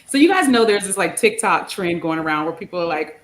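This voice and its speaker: A woman hosting a live stream with guests, bubbly and animated, sometimes tripping over her words. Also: on the low side, quick pace, hardly any pauses. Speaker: livestream host. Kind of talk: upbeat live stream chat.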